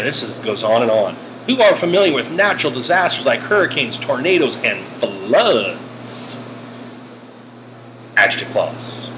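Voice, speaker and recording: A man teaching a grammar lesson over slides, animated and joking with exclamations. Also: medium pitch. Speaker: English teacher. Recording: air conditioning hum behind.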